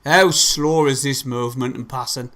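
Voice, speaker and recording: A man's voice: mid-range voice, steady tone, moderate pace. A young man, hosting a live fan stream and reacting to a football match with heavy swearing and frustrated outbursts. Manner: swears heavily, shouts in frustration. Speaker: fan livestream host.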